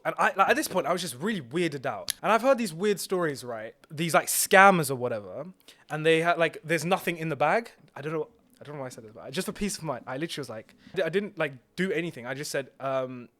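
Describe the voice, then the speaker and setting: A man's voice: fairly high pitch, expressive, quick pace, fairly bright tone. A young man casually telling a story on a couch, rambling with lots of fillers and restarts. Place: indoors on a couch.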